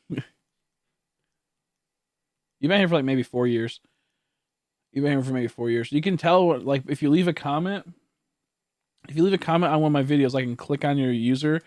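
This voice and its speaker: A man's voice: mid-range voice, a little mellow, dry recording, studio quality. A man in his late twenties, a streamer chatting casually to his viewers, rambling with lots of laughs, swearing and stammered restarts. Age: late 20s. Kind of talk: casual livestream chat.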